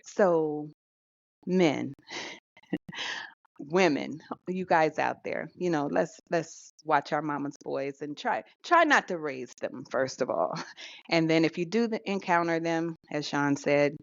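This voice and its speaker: A woman co-hosting a podcast talks in an animated, casual way with a fairly low voice. The recording is dry with no room sound, and its lo-fi quality makes it a little dull. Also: creaky, no room sound. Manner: animated storytelling with laughs and fillers. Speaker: podcast co-host. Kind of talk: casual chat.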